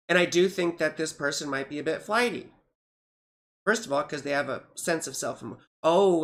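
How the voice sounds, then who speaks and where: A woman astrologer chatting casually on a livestream, rambling with many fillers and grumbling at her software. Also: low voice. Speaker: astrologer reading charts on a livestream.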